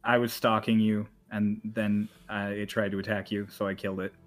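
A man's voice: fairly low pitch, level tone, moderate pace, faint music behind. A man narrating as game master for a tabletop game, in a loose, chatty way full of "like" and "just".

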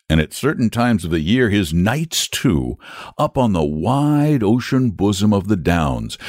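A man reading a storybook aloud as narrator, in a measured, expressive storytelling manner. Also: fairly low pitch, dry recording, studio quality.

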